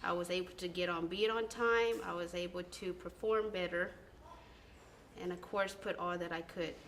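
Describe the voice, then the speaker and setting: A young woman delivers a sincere recorded tribute to a former mentor. She speaks earnestly, pausing on ums and correcting herself. A faint background noise sits under her voice. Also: fairly low pitch, steady tone, fairly bright tone. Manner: earnest, halting, with filler ums. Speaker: former band student.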